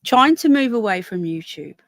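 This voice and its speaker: Chatty woman live-streaming, a bit hoarse. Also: medium pitch, lively intonation, normal speed, no room sound. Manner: chatty, reads out viewer comments and news text. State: hoarse, voice keeps going. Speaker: livestreamer. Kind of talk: casual live-stream chat, reading chat and news aloud. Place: outdoors in a small town.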